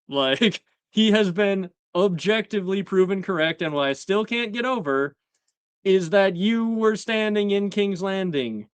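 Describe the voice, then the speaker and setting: A man's voice: high voice, clean tone, dry recording. A young man hosting a casual live-stream, talking animatedly with laughs and acting out characters' lines. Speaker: host.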